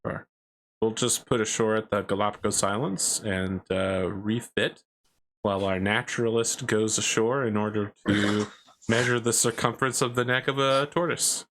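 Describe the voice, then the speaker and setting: A man's voice: lowish voice, fairly even intonation, fairly bright tone, a little hiss or hum. A man playing a tabletop role-playing game, joking around in casual table banter. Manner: joking, quick asides. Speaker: player.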